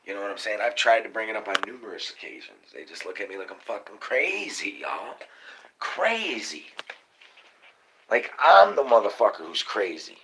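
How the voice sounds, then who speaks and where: A man, hosting a live stream and ranting excitably about conspiracies, cursing often and calling to viewers as y'all. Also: fairly low pitch, normal speed. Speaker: livestream host. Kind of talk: casual live-stream rant. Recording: noisy live-stream audio.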